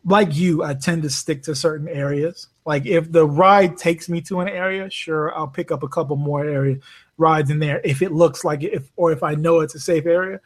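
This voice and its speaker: A man's voice: a little high, normal speed. A man raised in Bermuda, a podcast guest and rideshare driver, telling stories in casual chat, swearing freely and acting out the people he quotes. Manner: animated storyteller, swears freely, acts out quoted voices.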